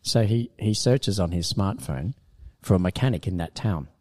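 A man telling an animated story in casual studio chat, laughing often. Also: low voice, moderate pace.

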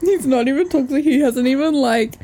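A woman's voice: sits high, a little fast, dark tone. A young woman in casual chat, making sarcastic wisecracks.

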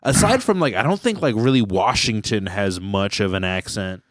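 A man's voice: on the low side, lively intonation, moderate pace, no room sound, studio quality. A man from California co-hosting a podcast, chatting casually with many fillers, asides and swearing. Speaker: podcast co-host. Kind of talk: casual chat.

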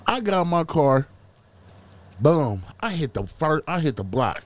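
A man's voice: fairly high pitch, big pitch swings, unhurried. A man as a podcast guest, telling a story casually in loose slang with heavy swearing.

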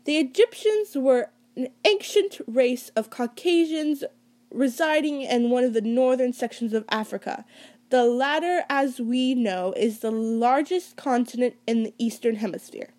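A woman reading a novel aloud and voicing a sarcastic old male history teacher, slow and mocking, tripping over words now and then. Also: sits high, a little mellow.

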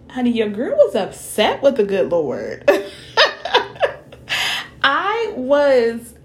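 A woman in her thirties speaks openly and warmly to her audience, unhurried and relaxed. Her voice sits a little low, and she drifts into chatty asides and soft laughs. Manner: transparent, chatty, laughs, says "y'all" and "honey". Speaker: vlogger. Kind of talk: candid personal talk to viewers.

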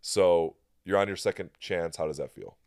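A man's voice: low voice, normal speed, creaky, a little mellow, no room sound, clean studio sound. A man hosting a podcast in casual chat, teasing his guest and telling stories in a laid-back way. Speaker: podcast host.

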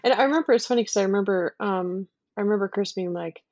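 A woman's voice: medium pitch, darkish tone, dry recording. Chatty woman on a dry, dull mic. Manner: chatty, emphatic, quick asides. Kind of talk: casual conversation.

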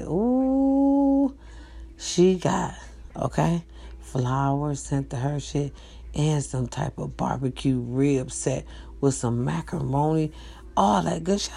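Mellow-voiced woman chatting casually at home. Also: low-pitched, animated, slow pace, gravelly, slightly rough. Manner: chatty and profane, talks straight to viewers. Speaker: livestream host. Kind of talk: casual chat. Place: at home, indoors.

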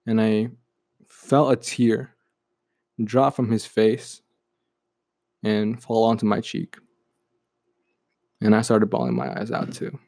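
A man's voice: fairly low pitch, takes it slowly, vocal fry, long pauses, a little mellow. A young man telling a personal story in a reflective way, often saying "you know" and "like".

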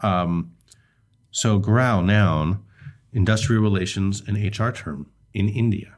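A man co-hosting a podcast, chatting casually with relaxed, hesitant pacing and many fillers. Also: lowish voice, slow. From United States. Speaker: podcast co-host.

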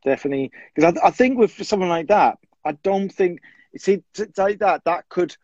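A man's voice: high voice, normal speed, a little mellow, dry recording. A man and military veteran in casual chat, reflective and conversational. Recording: dull, dry lo-fi mic.

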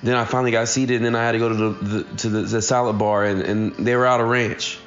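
A man's voice: lowish voice, level tone, fast talker, lo-fi sound, soft background music. A man in his thirties giving a casual, earnest motivational talk straight to his listeners. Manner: earnest, addresses listeners directly. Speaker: motivational speaker.

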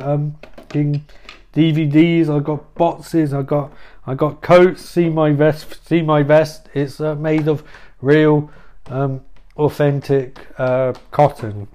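A man riffs through a crude, rambling improvised comedy monologue from a room at home. His voice sits a little high and he mocks himself as he goes. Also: little pitch movement, slow pace, mellow. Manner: rambling, crude, self-mocking.

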